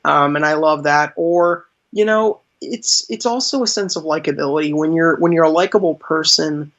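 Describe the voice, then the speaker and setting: A man's voice: on the high side, normal speed, a bit bright. A man being interviewed as a magician, telling stories in a chatty way, laughing often and using lots of fillers. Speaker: magician, podcast guest. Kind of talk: casual interview storytelling. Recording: dull lo-fi sound.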